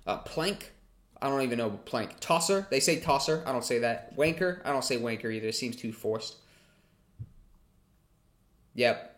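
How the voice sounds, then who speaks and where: A man's voice: medium pitch, lively intonation, normal speed, pauses often, fairly bright tone. A man hosting a casual livestream Q&A. He reads chat questions aloud and answers them in a chatty way, swearing freely.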